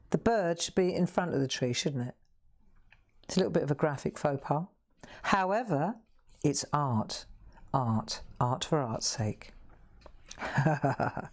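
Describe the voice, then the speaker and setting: A woman's voice: sits low, a little mellow. A woman hosting a live colouring demonstration, chatting, laughing often and making self-mocking asides. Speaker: craft show host.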